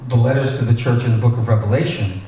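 A male pastor preaching a sermon in a conversational, animated way, with asides and restarts. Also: mid-range voice, fast, slight background noise. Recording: echoey hall, distant mic.

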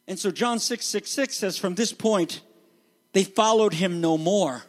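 High-pitched male pastor, emphatic and dramatic, preaching a teaching sermon. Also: unhurried. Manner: emphatic, dramatic teaching that acts out quoted voices. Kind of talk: expository sermon.

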